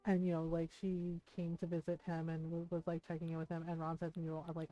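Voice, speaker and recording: A woman's voice: lowish voice, monotone, quick pace, hardly any pauses, mellow, dry recording, poor audio. A middle-aged woman streaming and chatting, telling a personal story in a rambling, candid way with lots of fillers. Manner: rambling, many fillers and restarts. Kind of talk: casual chat while gaming. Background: faint game music.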